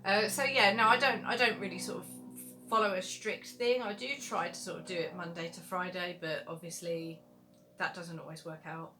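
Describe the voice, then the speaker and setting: A woman's voice: lowish voice, steady tone, normal speed, over music. A young adult woman, an author answering viewer questions in a casual livestream Q&A, chatty and rambling with lots of fillers.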